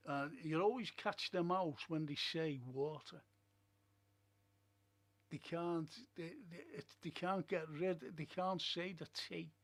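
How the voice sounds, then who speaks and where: A man with a fairly high-pitched voice and fairly even intonation speaks at a slow pace. He hosts a film and TV review stream from a streaming setup, chatting casually, telling stories, and giving blunt opinions.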